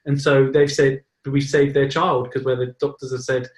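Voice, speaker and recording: A man's voice: medium pitch, flat delivery, moderate pace. Chatty man hosting, roomy echo. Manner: enthusiastic, rambling with many restarts. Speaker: host. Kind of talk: casual interview chat.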